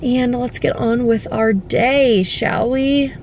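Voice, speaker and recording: A woman's voice: fairly high pitch, slow, darkish tone, a little hiss or hum. A woman chatting casually to camera from her car in a drive-thru line, sounding a little stuffy. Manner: chatty, rambling. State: slightly stuffy. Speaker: vlogger. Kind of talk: casual vlog chat.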